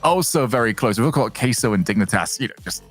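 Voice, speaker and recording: A man hosting an esports broadcast desk, briskly running through qualified and eliminated teams. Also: medium pitch, animated, faint music behind.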